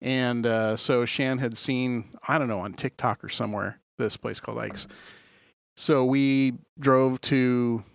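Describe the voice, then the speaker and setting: A man co-hosts a podcast in rambling casual chat, with a wry, deadpan way of joking. His voice is mid-pitched. The recording is dry and close. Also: measured pace, creaky, no room sound. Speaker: podcast co-host.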